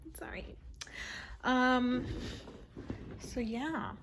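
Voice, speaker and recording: A woman's voice: sits high, very slow, a bit bright, slight background noise. A young woman chatting casually in a home vlog, playful and self-teasing, recorded on her phone, sometimes dropping to a whisper. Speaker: vlogger.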